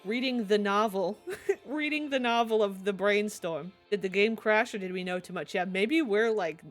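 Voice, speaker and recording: A woman's voice: medium pitch, normal speed, soft background music. A woman streaming a life-sim game, talking casually and giggling as she reads captions aloud with playful asides. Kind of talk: casual gameplay commentary with read-aloud captions.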